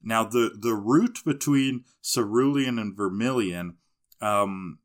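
A man's voice: lowish voice, takes it slowly. A man co-hosting a casual podcast, recapping cartoon episodes, laughing often and mimicking characters in mocking voices. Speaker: podcast co-host.

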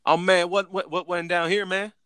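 Rough dude as a man puts him on, excitable, raised pitch, bright. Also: normal speed, no room sound, studio quality. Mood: curious. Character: rough Southern guy at a gas station.

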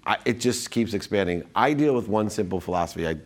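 Low-voiced man telling stories. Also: fast. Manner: animated, acts out quotes, frequent restarts. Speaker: guest. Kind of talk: casual storytelling in a conversation.

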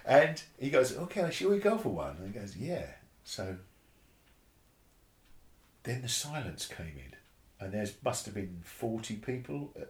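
A low-voiced man tells a story in a relaxed interview, his pitch leaping up and down as he acts out other people's lines. He swears freely and laughs through the tale. The room around him adds a noticeable echo. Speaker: session bass player. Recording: roomy echo.

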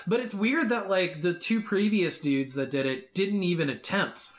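Slightly high-voiced guy, quick eager banter, podcast. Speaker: podcast co-host. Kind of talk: casual chat.

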